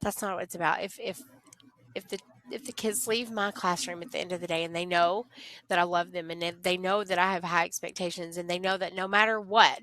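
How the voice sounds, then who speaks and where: Woman teacher, heartfelt and animated, close dry mic. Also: fairly low pitch, a little fast, dry recording. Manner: earnest, animated storytelling, acts out voices of kids. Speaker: teacher, podcast guest. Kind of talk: casual interview chat.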